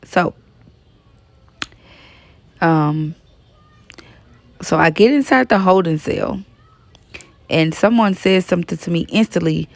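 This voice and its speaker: A woman's voice: on the low side, takes it slowly, gravelly, long pauses, dry recording. A woman in her thirties chatting frankly in a casual storytime vlog, full of "like" and "you know". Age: 30s. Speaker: vlogger.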